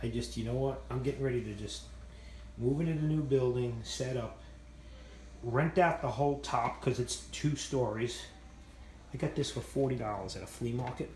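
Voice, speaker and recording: A man's voice: mid-range voice, normal speed, a little mellow, roomy sound, slight background noise. A man rambling casually through a vlog tour of his machine shop, self-mocking and swearing freely. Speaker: channel host showing his machine shop.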